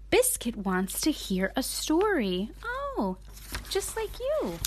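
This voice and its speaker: A mother hosting a bedtime story show, reading a children's picture book aloud in an animated, sing-song voice. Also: high voice, takes it slowly, slight background noise.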